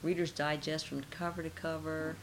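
Low-voiced middle-aged woman musing aloud. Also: normal speed, a little hiss or hum, rough recording. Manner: relaxed, musing, trailing off with rhetorical questions. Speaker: interviewee. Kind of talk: casual conversational interview.

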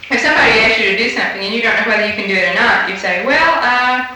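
A woman fieldworker asks structured questions in a bright, slightly high voice, patient and prompting. She sits off-mic in a strongly echoing room with faint hiss behind her. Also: racing, far from the mic. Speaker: dialect fieldworker. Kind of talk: structured elicitation interview.

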